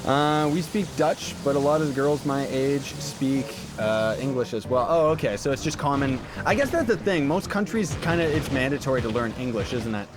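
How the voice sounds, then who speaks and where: A man's voice: mid-range voice, animated, normal speed, hardly any pauses, noisy background. A young man streaming a game, casually chatting and answering viewers' questions in a playful, joking way. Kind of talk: casual livestream chat. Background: game background music.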